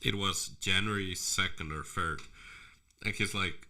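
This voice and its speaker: Bright-toned young man, agreeable chat. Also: sits low, fairly even intonation, normal speed. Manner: agreeable, frequent short affirmations. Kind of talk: casual chat.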